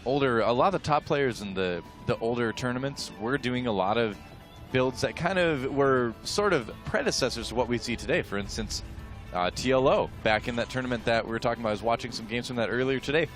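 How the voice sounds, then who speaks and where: A male caster talks through a strategy game match, chatty and analytical, with the occasional "uh". His voice sits at a middle pitch, and faint music plays underneath. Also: expressive, a little fast. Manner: chatty, lays out past matches and strategy with fillers. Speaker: esports caster. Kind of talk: play-by-play commentary.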